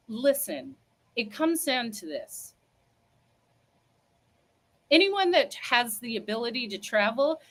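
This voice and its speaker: Woman host, sassy and emphatic storyteller, slightly high voice. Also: fairly bright tone. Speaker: livestream host. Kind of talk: casual storytelling livestream.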